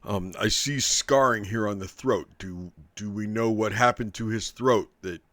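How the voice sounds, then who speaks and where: A creepy old abbot in a tabletop game, fussy and clinical as he studies a body, as a man puts him on. His voice is low and dry. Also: a little slow, a bit bright, no room sound. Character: creepy male abbot examining a corpse.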